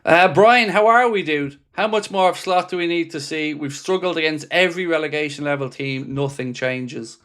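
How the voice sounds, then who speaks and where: A man's voice: on the high side, normal speed, hardly any pauses, a bit bright. Exasperated man commentating a live watchalong. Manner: frustrated, exasperated, swears freely; reads out viewers' chat messages. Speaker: fan channel host.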